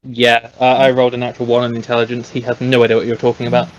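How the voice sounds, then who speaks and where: A man at a tabletop game who narrates his character hesitantly, with plenty of fillers and an amused edge. His voice is mid-pitched, and the recording is dry. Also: monotone, racing, dry recording, dull audio. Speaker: player. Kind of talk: tabletop role-play.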